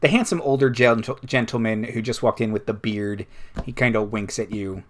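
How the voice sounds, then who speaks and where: A man's voice: lowish voice, moderate pace. A man narrates a tabletop role-playing game as its game master. His delivery is loose and chatty, and he breaks into laughter often as he describes the scene.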